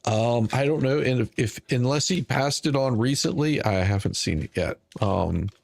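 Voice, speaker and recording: A man's voice: mid-range voice, normal speed, creaky, a little mellow. A man co-hosting a casual livestream, laughing often and thanking viewers by name. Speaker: livestream co-host.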